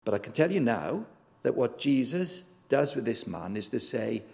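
A guest preacher gives a chatty, direct sermon, putting questions to the congregation and acting out the voices he quotes with big pitch swings. His darkish, sing-song voice moves at normal speed with some vocal fry. A large hall's long reverb surrounds him.

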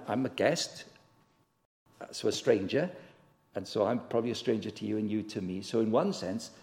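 Lively gravelly man preaching in a hall. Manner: conversational, asks the congregation questions; acts out quoted voices with big pitch swings. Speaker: guest preacher. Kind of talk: sermon. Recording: long reverb of a large hall.

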